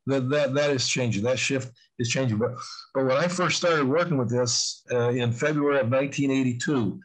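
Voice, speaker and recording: A man's voice: mid-range voice, normal speed, rough recording. A man in his sixties, a guest in an interview, talking earnestly and rambling with frequent restarts. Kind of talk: conversational interview talk.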